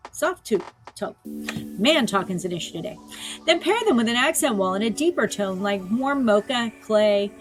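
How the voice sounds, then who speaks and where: A woman realtor presenting a home decor vlog in a bubbly, playful way, with jokey asides. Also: fairly high pitch. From Florida.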